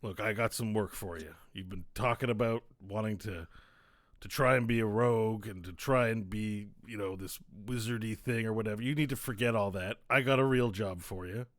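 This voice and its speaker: A man's voice: lowish voice, normal speed, no room sound, studio quality, natural voice. A man voicing a stern, blunt one-legged older father who runs the family business. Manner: blunt, scolding, threatening.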